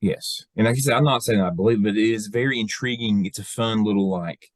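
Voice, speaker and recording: A man's voice: fairly low pitch, fairly quick, no echo. A man co-hosting a casual podcast chat, defensive as he lays out his theories at length. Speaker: podcast co-host.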